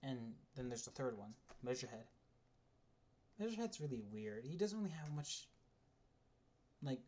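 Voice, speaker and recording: A man's voice: mid-range voice, darkish tone. A man delivering a casual, rambling spoken rant as a video essayist, with frequent restarts and the odd swear.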